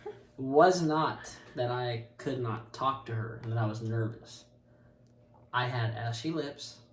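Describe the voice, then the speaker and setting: A young man in his twenties telling a story to camera in a casual, animated, self-mocking way, laughing often. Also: mid-range voice, a little slow, a little hiss or hum. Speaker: co-host of a couple's channel. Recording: roomy sound, mic a bit far.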